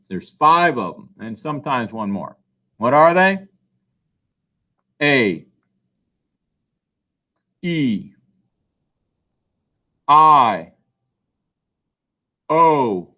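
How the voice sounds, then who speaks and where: In a recorded classroom phonics lesson, a male teacher patiently asks questions and then answers them himself. His voice is mid-range and a bit bright.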